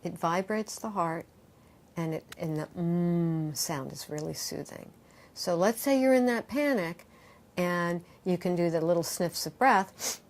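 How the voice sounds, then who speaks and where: A middle-aged woman, a yoga teacher and author, talks in an interview in a lively, expressive way, acting out quoted voices and guiding breathing exercises. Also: on the low side, a little slow. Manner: animated, acts out quoted voices, guides breathing.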